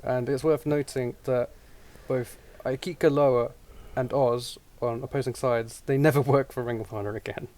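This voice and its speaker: A man's voice: mid-range voice, steady tone, normal speed, hardly any pauses, darkish tone. A man co-hosting a podcast, chatting casually with mocking, profane jokes and frequent laughter. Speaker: podcast co-host.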